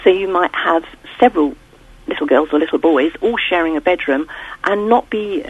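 A woman's voice: on the low side, expressive, normal speed, breathy edge, no room sound. A woman calling into a radio phone-in, explaining her point earnestly. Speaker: caller. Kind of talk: phone-in call. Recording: tinny phone line.

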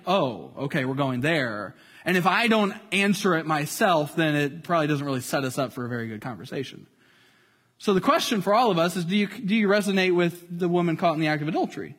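High-voiced storytelling preacher man. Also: long reverb tail. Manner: storytelling, casual, dramatic drops to near-quiet. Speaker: pastor. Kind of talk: sermon.

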